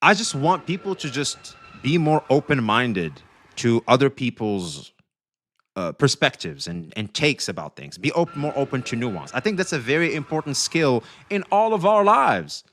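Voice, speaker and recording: A young adult man streaming live, talking casually to his chat, swearing freely, swinging between excitement and quiet emotion. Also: mid-range voice, moderate pace. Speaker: livestreamer.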